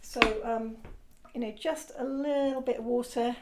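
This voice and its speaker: A woman's voice: a little high, steady tone, moderate pace, mellow, a little hiss or hum. A woman art teacher giving a casual, rambling demonstration lesson, encouraging and often correcting herself.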